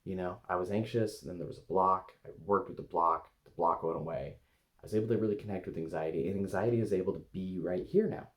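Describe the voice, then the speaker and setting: A man demonstrating a guided meditation to camera, talking gently and hesitantly with many pauses as he speaks to an inner part with his eyes closed. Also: sits low. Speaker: eating coach and video host.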